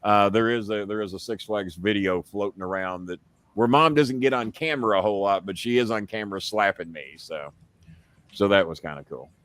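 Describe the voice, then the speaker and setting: A man hosting a live show, telling a story in a casual, profane way and getting loud when he quotes himself. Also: lowish voice, fairly quick, dry recording. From United States. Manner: profane, animated, shouts when quoting himself. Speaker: host.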